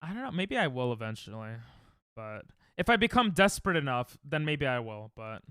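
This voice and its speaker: Young man, streamer, bright crisp voice, dry close mic, rambling casual chat. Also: medium pitch, big pitch swings, a little fast, no room sound. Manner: rambling, self-mocking, chats to viewers. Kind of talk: casual live-stream chat while gaming.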